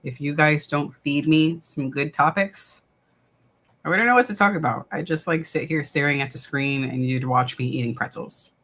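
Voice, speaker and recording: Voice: medium pitch, moderate pace, fairly bright tone. A livestream watch-party host from the New York area, chatting casually, reading out viewer comments and rambling with many fillers.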